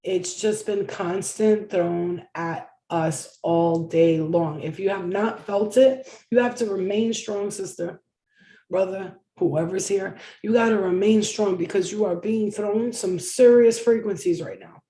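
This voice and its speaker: Woman, tarot reader, casual live stream, blunt and swearing, warm low tone, echoey room. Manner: blunt and profane, with fast repeated chanting.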